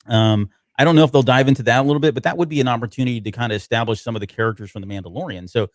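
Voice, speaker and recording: A man's voice: medium pitch, very fast, dry recording, studio quality. A man co-hosting a casual podcast chat, speaking hesitantly with many ums and restarts. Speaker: podcast co-host.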